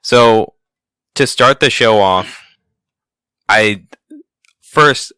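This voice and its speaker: Podcast host: man, low-ish, smooth, bright, dry close mic, teasing. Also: drawn-out words, dry recording. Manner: teasing, easygoing, animated. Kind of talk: casual chat.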